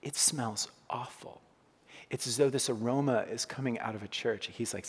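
A male pastor giving a conversational, jokey sermon with bursts of loud emphasis, to a congregation in a church. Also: mid-range voice, moderate pace, husky. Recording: long hall reverb.

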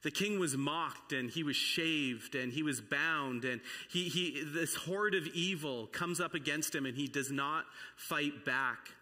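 A male preacher telling a story in an earnest, dramatic way. His bright, fairly high voice carries into a long hall reverb. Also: a little slow, hardly any pauses. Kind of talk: storytelling sermon.

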